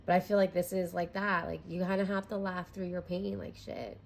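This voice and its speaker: Candid lower-voiced woman reading tarot. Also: level tone, fairly quick, vocal fry. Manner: candid and chatty, swears and laughs often. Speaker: tarot reader. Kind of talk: casual tarot reading monologue.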